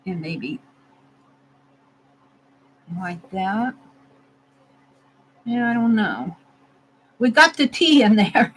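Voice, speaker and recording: A woman's voice: medium pitch, big pitch swings, extremely slow, long pauses, fairly bright tone, low-quality recording. A woman narrating casually as she carves a stamp, thinking aloud and laughing at herself. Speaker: art vlogger. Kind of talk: casual narration while crafting.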